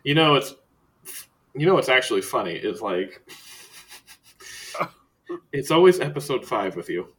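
A man's voice: mid-range voice, sing-song, measured pace, long pauses, fairly bright tone, distant mic. A man narrating a tabletop game as game master, loose and rambling with lots of fillers.

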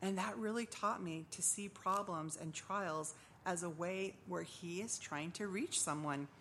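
Gravelly woman giving a church testimony. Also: on the low side, unhurried, a bit bright, slight background noise. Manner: earnest storytelling, acts out voices in quotes. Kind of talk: personal testimony.

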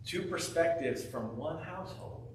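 A man delivers a sermon, retelling a parable and animating each character as he goes. His voice sits a bit high for a man. The sound is very echoey and comes from some distance away from the mic. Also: a little slow, a little hiss or hum. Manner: animated storytelling, acting out biblical characters' voices. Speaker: pastor.

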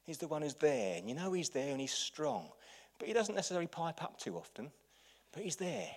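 A man, a pastor, preaching a lively sermon full of anecdotes, dropping to quiet asides and then rising to loud outbursts. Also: fairly high pitch, fairly quick.

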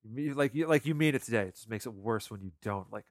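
A man co-hosting a casual film discussion, talking in halting bursts with many restarts. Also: mid-range voice, no echo, clean studio sound. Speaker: podcast co-host.

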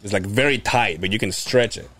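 A man's voice: lowish voice, a little fast. A young man hosting a podcast, telling stories in casual chat, swearing and laughing often. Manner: animated storyteller, swears and laughs a lot. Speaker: podcast host.

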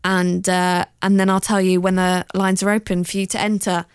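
A woman's voice: lowish voice, little pitch movement, normal speed, smooth, no room sound, studio quality. Candid southern English woman podcaster. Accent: southern English, slightly posh. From southern England. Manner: chatty, candid, swears freely, jumps into mock voices. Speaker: podcast host. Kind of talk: casual solo podcast chat.

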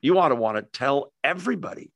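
A man preaching a sermon in a conversational way, joking and speaking straight to his congregation, swinging between emphatic and hushed lines. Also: mid-range voice, expressive, fast talker, vocal fry, dry recording. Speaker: pastor.

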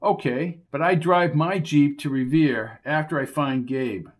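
A man's voice: fairly high pitch, a little slow. A man voicing a determined male investigator who talks bluntly and with impatience. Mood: exasperated. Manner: blunt, exasperated, insistent. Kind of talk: audiobook character voice.

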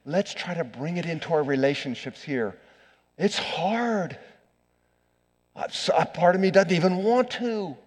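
A man's voice: fairly high pitch, measured pace, slightly rough. Preaching man in a reverberant church. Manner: earnest preaching, swings from loud emphasis to hushed. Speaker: pastor. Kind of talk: sermon. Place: church sanctuary.

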